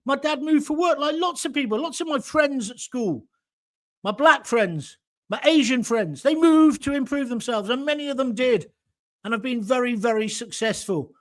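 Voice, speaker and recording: High-pitched, ranting older Englishman. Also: expressive, normal speed. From England. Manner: ranting, blunt, swears freely. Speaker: host. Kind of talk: live reaction commentary.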